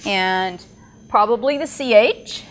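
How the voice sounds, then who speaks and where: A woman presenting at a teaching workshop, speaking deliberately and enunciating sounds carefully as she demonstrates. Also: mid-range voice, a little hiss or hum. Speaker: ESL tutor trainer presenting at a workshop. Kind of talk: workshop presentation with live demo. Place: workshop room with whiteboard.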